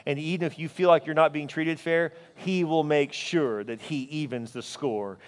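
A man preaching a sermon as pastor, telling stories in an animated way. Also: normal speed, few pauses, long reverb tail. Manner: animated storytelling, voice rising high in anecdotes.

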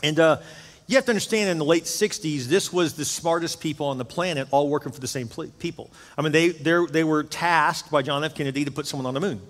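A man's voice: fairly high pitch, fast talker. A pastor in his fifties preaching a sermon in a church sanctuary, emphatic and full of storytelling. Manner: emphatic preaching, storytelling with rising and falling intensity. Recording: long hall reverb.

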